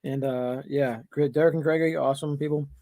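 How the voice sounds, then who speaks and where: A man with a fairly high voice chats loosely on a live stream, rambling from one thing to the next. The sound is dry and close. He comes across relaxed and easygoing. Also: a little fast, no echo. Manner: rambling, relaxed, plugs other channels. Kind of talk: casual live stream chat.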